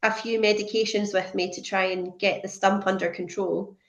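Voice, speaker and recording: A woman in her thirties recounts her experience as a podcast guest, switching into the voices of the people in her story. Her voice sits at a middle pitch and rings a little in a roomy, echoey space. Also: normal speed. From Scotland. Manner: lively retelling, acts out quoted speech. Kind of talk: conversational storytelling.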